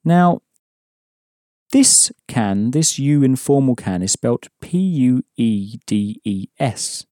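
Mellow-voiced man teaching a language course. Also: mid-range voice, animated, slow pace, no echo, clean studio sound. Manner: patient, explanatory, prompting the listener. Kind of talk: audio language lesson.

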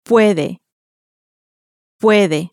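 Female model voice for a language course, very slow and careful, dry close recording. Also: mid-range voice, a little mellow, no echo. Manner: slow, careful, each word said twice. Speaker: native-speaker model voice. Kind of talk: repeating model words for learners.

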